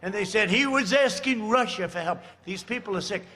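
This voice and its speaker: Here a seventy-something man delivers a rambling rally speech outdoors at a podium mic, full of sarcastic remarks and recurring phrases. He talks briskly, in a high-pitched voice that sounds pushed and bright.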